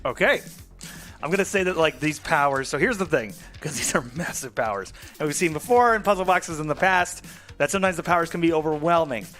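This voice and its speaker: A man running a tabletop game as game master, relaxed and playful, laughing often. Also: a little high, fairly quick, faint music behind.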